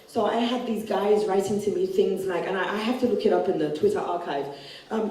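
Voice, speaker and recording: A woman with a dark-toned, mid-range voice talks briskly and bluntly about her book during a stage conversation at a literature festival. She performs the voices of those she quotes. The recording comes from a distance in a large, echoing hall.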